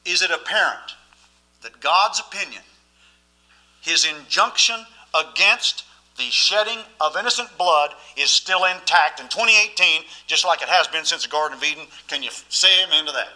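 A man's voice: fairly high pitch, expressive, moderate pace, pushed and bright, poor audio. A man preaching a sermon as pastor, emphatic and often asking the listeners questions.

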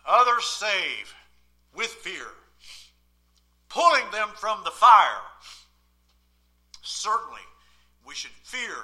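Pastor guy preaching, sharp piercing voice, gets loud then drops quiet. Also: medium pitch. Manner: emphatic, swings from loud outbursts to quiet asides. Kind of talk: sermon. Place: church, at the pulpit.

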